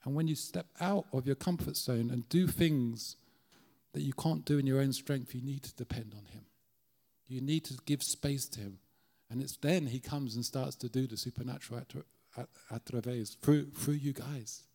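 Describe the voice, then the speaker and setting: A man's voice: mid-range voice, moderate pace, mellow. A middle-aged Irish man preaching as a guest speaker in a church, earnest and conversational, often restarting his sentences. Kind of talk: sermon.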